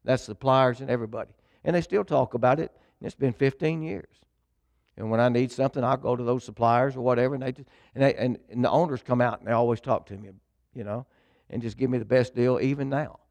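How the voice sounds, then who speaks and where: A middle-aged preacher, a man chatting through a personal testimony in an easygoing, folksy way. His voice sits at an ordinary pitch for a man and sounds dry and close, with no room around it. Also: steady tone, quick pace, vocal fry, darkish tone, dry recording. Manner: folksy storytelling, addresses congregation. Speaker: pastor. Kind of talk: sermon testimony.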